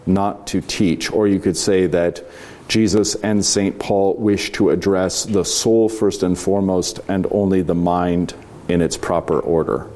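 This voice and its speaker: A teacher leads a class through a philosophy text, reading passages aloud and commenting in a measured, reflective, conversational way, with fillers, restarts, and slow emphatic stretches. His voice sits low and warm, with a little hiss or hum in the recording.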